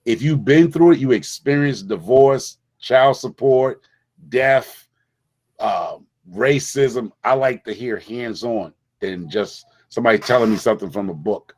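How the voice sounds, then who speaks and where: Emphatic middle-aged New man. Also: mid-range voice. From the Bronx, New York. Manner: emphatic, repetitive storyteller with frequent restarts. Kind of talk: casual conversation.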